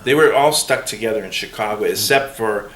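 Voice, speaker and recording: Lively low-voiced middle-aged man telling stories. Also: a little fast. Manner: animated, laughing, mimics voices when quoting. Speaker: interviewee's son. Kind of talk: casual storytelling in an oral history interview. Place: room in a museum. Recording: roomy room with faint hiss.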